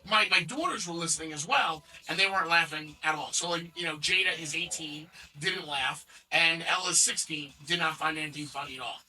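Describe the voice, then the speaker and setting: Husky, bright-voiced man, distant mic. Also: on the high side, a little fast, few pauses. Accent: New Jersey. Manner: hesitant, repeats words, enthusiastic. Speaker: show host. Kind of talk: casual podcast chat.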